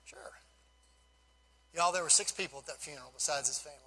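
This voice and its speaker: A man in his fifties giving an animated, folksy storytelling speech to a live audience as a guest speaker. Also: fairly high pitch, very fast, poor audio.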